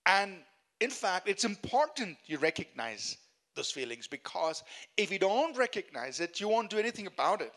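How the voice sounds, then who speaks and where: Guy pastor giving a sermon, high bright voice, earnest, leans hard on repeated lines. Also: sing-song, moderate pace. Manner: earnest, rising emphasis on repeated phrases, chuckles at own jokes.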